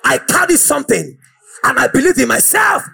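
A man preaching a fiery, exhorting sermon and often shouting out to the congregation. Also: very high voice, big pitch swings, normal speed, gravelly, husky, soft background music.

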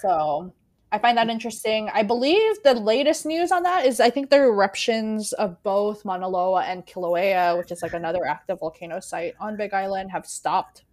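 A woman from the United States co-hosting a casual astrology podcast, chatty and quick to laugh. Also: medium pitch, lively intonation, darkish tone. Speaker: podcast co-host.

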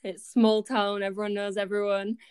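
A woman's voice: medium pitch, level tone, moderate pace, darkish tone, clean tone, dry recording, studio quality. A woman in her twenties from Yorkshire, a student chatting as an interview guest, with frequent ums and easy laughter. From Yorkshire, England. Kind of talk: casual interview chat.

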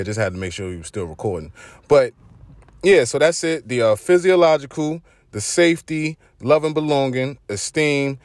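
A young man with a Brooklyn accent hosts his own vlog in a relaxed, slangy monologue. He talks loosely, restarting sentences and filling gaps with ums. His voice sits at an ordinary pitch and sounds dry and close. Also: dry recording. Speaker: host.

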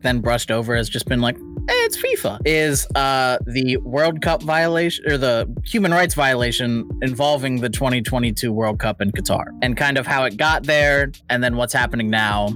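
A man's voice: mid-range voice, lively intonation, normal speed, few pauses, fairly bright tone, soft background music. A man co-hosting a podcast, explaining a topic at length in a rambling, casual way with many fillers. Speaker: podcast co-host presenting the topic.

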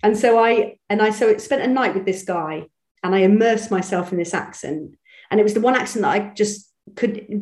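A woman's voice: mid-range voice, darkish tone. A woman with a lilt talks easily and at length, circling back and restarting her sentences as she goes. She is recorded in a roomy space, and her voice rings a little off the walls. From Bristol, England. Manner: chatty, self-deprecating, many restarts. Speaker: voice actress guest. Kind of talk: casual interview chat. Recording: echoey room.

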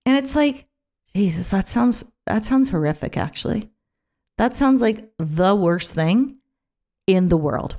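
A woman talking casually on her own podcast, chatty and animated, with many fillers and restarts, sometimes acting out other people's voices. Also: mid-range voice, unhurried. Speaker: podcast host. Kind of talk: casual solo podcast talk.

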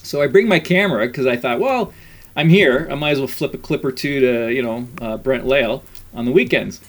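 A middle-aged man telling stories in a casual chat, animated, laughing often and acting out what people said. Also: mid-range voice, a little fast.

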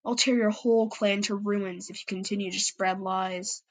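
A woman's voice: mid-range voice, steady tone, normal speed, natural voice. A woman voicing a hostile male cat clan leader who snarls threats. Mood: snarling. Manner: snarling, aggressive.

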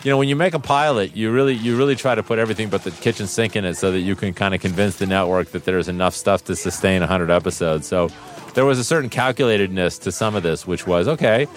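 A man recalling making a TV pilot, speaking haltingly with many pauses and restarts. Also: low voice, faint music behind. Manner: halting, lots of fillers and restarts. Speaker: guest recalling making a show. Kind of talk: casual reminiscing.

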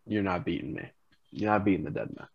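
A man doing a low, menacing veteran wrestler. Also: animated, fast, vocal fry, slightly rough, dull audio, exaggerated voice. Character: ominous veteran male wrestler taunting a challenger.

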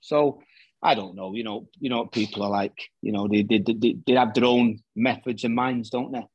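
A middle-aged former footballer tells stories as a guest on a chat show, acting out what others said. His voice is husky and sits at an ordinary male pitch. The recording is dry and close. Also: moderate pace, no echo, dull audio. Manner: animated anecdote-teller who acts out quoted dialogue. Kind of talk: casual storytelling chat.

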